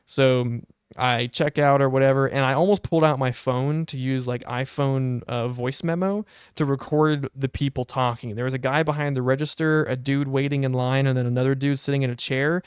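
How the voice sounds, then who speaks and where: A young man tells a story in a casual, animated, exasperated way as a podcast co-host. His voice is mid-pitched, smooth and clear. It is recorded close on a mic with a dry sound. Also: moderate pace, dry recording.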